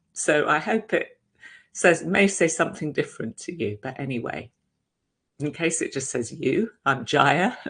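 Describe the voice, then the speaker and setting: Slow-talking lady meditation teacher on a video call, gentle and unhurried, little pauses. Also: low voice. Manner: gentle, unhurried, reflective, with soft hesitations. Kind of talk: dharma talk.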